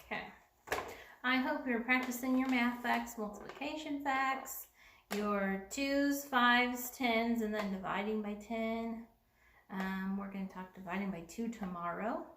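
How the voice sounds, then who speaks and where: A woman teaching a second grade lesson, speaking clearly and patiently and repeating each sentence slowly for young children. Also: fairly high pitch, a bit bright, reverberant, slight background noise. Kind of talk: remote classroom lesson.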